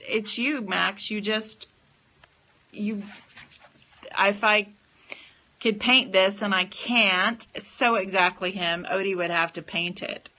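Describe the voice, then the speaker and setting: A woman's voice: mid-range voice, steady tone, slow pace, long pauses, sharp tone, low-quality recording. A woman hosting a casual livestream oracle card reading, gushing with praise and talking to viewers by name.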